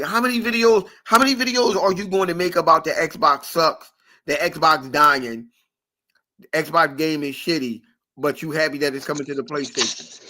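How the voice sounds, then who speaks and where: High-voiced man ranting profanely. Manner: profane, animated, repetitive ranting. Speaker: podcast host. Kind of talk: casual ranting chat.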